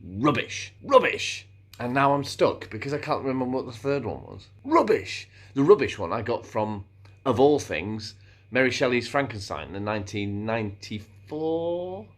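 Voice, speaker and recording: A man's voice: mid-range voice, normal speed. A man talking casually to camera in a rambling vlog monologue, often stopping and restarting his sentences. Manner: meandering, self-interrupting, playfully animated, slips into silly voices. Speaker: vlogger.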